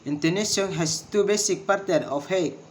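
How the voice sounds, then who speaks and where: A man slowly reading English pronunciation lesson notes aloud, carefully sounding out words. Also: high voice, a little hiss or hum. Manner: slow, careful reading with word drills.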